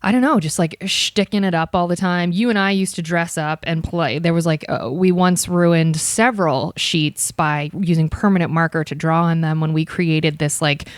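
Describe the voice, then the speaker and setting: A woman in her thirties tells stories from her past in a relaxed, self-mocking chat and keeps acting out her own old lines. Her voice sits low, and the recording is close and dry. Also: normal speed, hardly any pauses, smooth, no room sound. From Ohio. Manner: chatty, self-mocking, often slips into quoting herself. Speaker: podcast host being interviewed. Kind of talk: casual interview chat.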